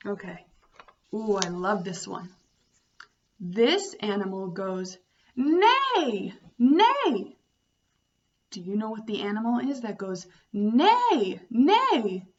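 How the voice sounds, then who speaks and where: A woman teaching young children about farm animals, speaking slowly and making animal sounds. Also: medium pitch, steady tone, muffled recording. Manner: slow, sing-song, imitating animal sounds. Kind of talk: children's storytime lesson.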